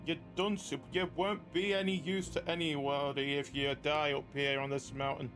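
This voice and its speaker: A man voicing a gruff male commander in a put-on Cockney accent, giving blunt orders. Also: fairly high pitch, flat delivery, moderate pace, over music, close to an everyday voice. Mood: urgent.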